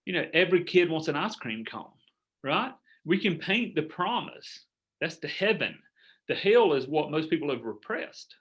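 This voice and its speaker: A man's voice: fairly high pitch, normal speed. Earnest middle-aged male business coach. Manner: earnest, animated, acts out sample dialogues. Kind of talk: coaching workshop talk.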